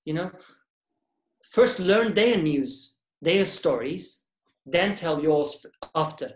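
Halting man in an echoey room. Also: a little high, lively intonation. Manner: halting, repeats and restarts words. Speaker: guest speaker. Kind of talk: casual discussion.

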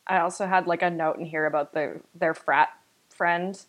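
A woman's voice: on the low side, steady tone, moderate pace, poor audio. A young woman co-hosting a podcast, chatting casually about a horror film and filling her talk with "like" and "you know.". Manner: chatty, filler-heavy, uses "like" a lot. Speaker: podcast co-host. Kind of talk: casual chat.

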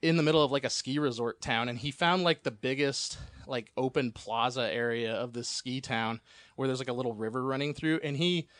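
A man's voice: mid-range voice, a little fast, dry recording, clean studio sound. Rambling, laughing man telling a wild story. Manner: rambling and animated, laughing often, swearing freely. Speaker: podcast guest. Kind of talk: casual podcast storytelling.

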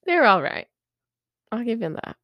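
A woman's voice: fairly high pitch, sing-song, normal speed, no echo, highs cut off. A woman co-hosting a podcast in casual chat, laid-back and laughing easily. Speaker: podcast co-host.

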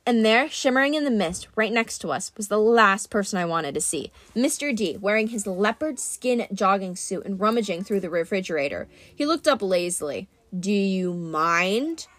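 A woman's voice: mid-range voice, animated, moderate pace, hardly any pauses, a bit bright, no room sound. Woman reading a storybook aloud. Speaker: audiobook reader. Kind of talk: first-person storybook narration.

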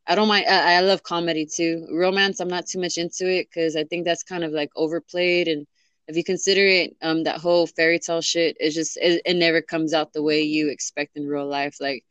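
A woman's voice: sits low, flat delivery, a little fast, a bit bright, smooth, no room sound. Chatty young woman, dry sound. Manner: rambling, many fillers and restarts. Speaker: interviewee. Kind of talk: casual chat.

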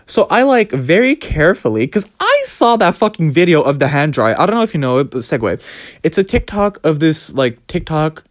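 Animated, swearing male storyteller. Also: on the high side, brisk. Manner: animated, profane, dramatic storytelling. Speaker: vlogger. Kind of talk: casual storytime.

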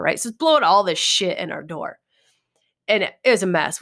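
Laughing, swearing woman podcast host. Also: mid-range voice. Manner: laughing, swearing, animated storyteller. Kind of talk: casual storytelling chat.

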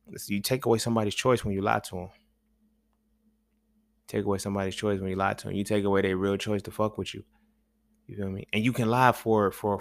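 A man's voice: lowish voice, gravelly, dry recording. A man hosting a podcast, talking in a loose, rambling, profane monologue full of slang, often asking "you feel me". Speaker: podcast host. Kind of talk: casual monologue.

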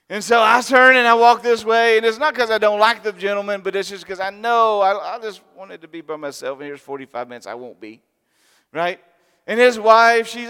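A man preaching a sermon, telling a story in an animated, humorous way. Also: high-pitched, fairly quick, smooth. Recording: long reverb in a large hall.

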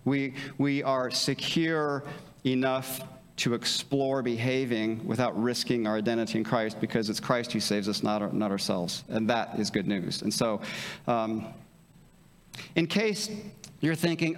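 Pastor guy preaching, mid-pitched, chatty and earnest, church reverb hanging on his words. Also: unhurried. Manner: earnest, conversational, checks in with "okay?". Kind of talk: sermon. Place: church sanctuary.

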